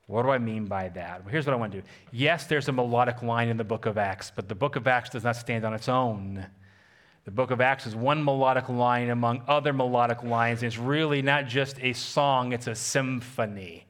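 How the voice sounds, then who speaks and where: A man preaching an energetic sermon from the pulpit. His pitch sits in the middle for a man. He leans on repetition and calls out to the congregation for a response. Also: brisk. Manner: emphatic preaching with call-and-response, repeats phrases. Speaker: pastor.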